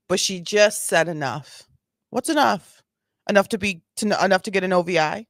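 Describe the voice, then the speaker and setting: A woman's voice: medium pitch, normal speed, no room sound, clean studio sound. A woman hosting a casual commentary on bodycam footage, sassy and exasperated, repeating her points. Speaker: host.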